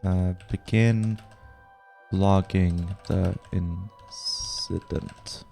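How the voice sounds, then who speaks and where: A man streaming a text adventure game, casually reading the story aloud and pausing with fillers as he types his next moves. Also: low-pitched, steady tone, gravelly, a little mellow, faint music behind. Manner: casual, reads game text quickly, trails off with fillers while deciding moves.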